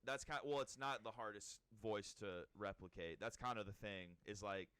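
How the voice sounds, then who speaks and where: A young man co-hosting a podcast, chatting casually in a rambling way with quick restarts. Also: fairly low pitch, bright, forceful tone, clear, resonant tone, no room sound. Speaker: podcast co-host. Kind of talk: casual chat.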